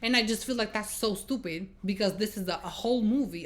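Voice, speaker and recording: A woman's voice: medium pitch, fairly quick. A woman giving a casual movie review, exasperated and swearing as she retells scenes. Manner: exasperated, swearing, animated storytelling.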